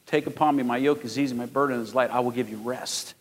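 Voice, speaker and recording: A man in his fifties preaching a sermon as pastor, telling stories and rising to loud, emphatic peaks. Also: mid-range voice, fairly even intonation, fast. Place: large church sanctuary. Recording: long hall reverb.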